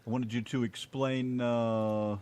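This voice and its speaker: A man's voice: mid-range voice, little pitch movement, slow pace, a little mellow, smooth. An American man co-hosting a casual chat show, joking playfully and chuckling. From United States. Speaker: co-host.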